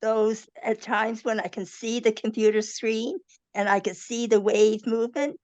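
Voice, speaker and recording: A woman patient thoughtfully sharing her experience in a casual group chat, pausing as she finds words. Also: fairly high pitch, steady tone, a little mellow, no echo. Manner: thoughtful, halting. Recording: dull dry lo-fi sound.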